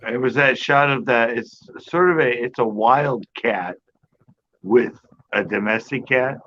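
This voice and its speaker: A man in casual chat who tells stories in an animated way, laughs a lot and swears freely. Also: medium pitch, measured pace, highs cut off, a little hiss or hum. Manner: chatty, laughs often, animated storyteller, swears. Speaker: channel host.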